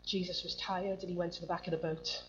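A woman delivers a sermon in a slightly low voice, reading scripture and then talking with the congregation in a conversational way. The recording is dull and lo-fi, with a faint hum underneath. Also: little pitch movement, fast. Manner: conversational, asks the congregation questions. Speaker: preacher.

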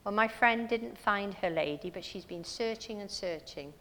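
A woman's voice: medium pitch, normal speed, a bit bright. Woman preaching in a reverberant hall. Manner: storytelling, earnest, rhetorical questions. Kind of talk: sermon.

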